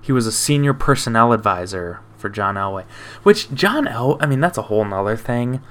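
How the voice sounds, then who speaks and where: A man's voice: lowish voice, vocal fry. A young man hosting a sports show, chatting casually and rambling with self-deprecating asides. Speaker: sports podcast host.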